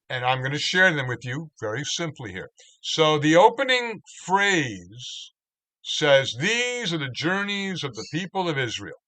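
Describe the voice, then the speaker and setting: A man, a cantorial spiritual leader, teaching a Torah study online in a slow, reflective way, restarting words as he reads out translations. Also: fairly high pitch, sharp tone.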